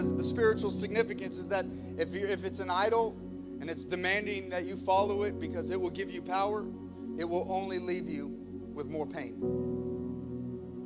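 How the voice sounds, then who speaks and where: High-voiced, emphatic male pastor. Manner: emphatic, acts out scripture scenes. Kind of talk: sermon. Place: church.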